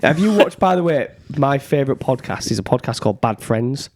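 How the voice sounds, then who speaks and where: A man from England co-hosting a podcast, chatting casually, telling stories with deadpan jokes and swearing freely. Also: medium pitch, fairly quick. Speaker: podcast co-host. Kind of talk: casual chat.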